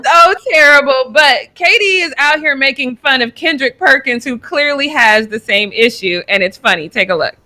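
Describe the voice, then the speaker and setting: Young woman co-host, bright and fairly high, chatty and animated, laughs easily. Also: normal speed, few pauses. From Colorado. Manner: animated, laughs easily, stumbles over names. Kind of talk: casual sports chat show.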